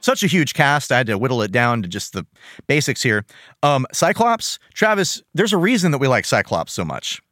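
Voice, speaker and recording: Enthusiastic male podcast host, lively delivery, close dry mic. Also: moderate pace, dry recording. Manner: enthusiastic, animated, acts out quotes in high voices. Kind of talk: casual chat reviewing a cartoon.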